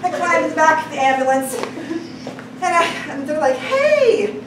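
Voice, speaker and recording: Her high voice moves at a moderate pace while she recounts something personal before a live audience, lively and laughing a lot as she performs the voices of the characters. Captured from a distance in a noisy, echoing space.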